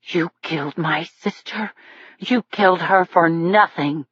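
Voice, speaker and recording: A woman voicing a grieving, vengeful teenage boy who makes slow, low threats, in an audiobook. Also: a bit bright, breathy edge, dry recording, muffled recording. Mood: menacing.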